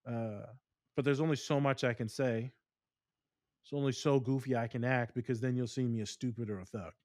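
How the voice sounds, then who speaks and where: A man co-hosting a podcast, talking casually and telling stories in long, animated rants. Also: medium pitch, a little fast, dry recording, studio quality. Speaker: podcast co-host.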